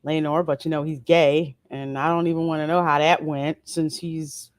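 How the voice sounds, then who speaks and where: A woman with a lowish voice hosts a casual livestream review, chatting easily and reading out viewer comments. The sound is close and dry, with no room around it. Her delivery is relaxed and playful, full of quick asides. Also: dry recording. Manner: chatty, reads viewer comments aloud and answers them. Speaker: host of a show review channel.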